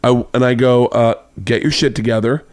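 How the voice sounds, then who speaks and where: A man's voice: mid-range voice, steady tone, moderate pace, darkish tone, no echo. A man hosts a casual podcast chat, rambling through a raunchy anecdote and raising his voice to act out what others said. His voice sits in an ordinary middle register. It is recorded close and dry in a home studio. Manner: rambling raunchy anecdote, acts out quotes with a raised voice. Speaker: podcast host.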